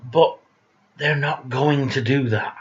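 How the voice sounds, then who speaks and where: A man's voice: medium pitch, steady tone, slow. Guy ranting to camera, swears a ton, sarcastic, middling voice, kinda muffled lo-fi sound. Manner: profane, blunt, sarcastic; speaks of himself as "we". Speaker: vlogger. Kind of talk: casual monologue rant.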